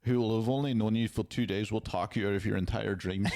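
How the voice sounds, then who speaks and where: A man's voice: on the low side, fairly even intonation, darkish tone. A man co-hosting a podcast, rambling and swearing as he chats about a film. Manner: sweary, rambling, quick to laugh. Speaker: podcast co-host. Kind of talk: casual film-review chat.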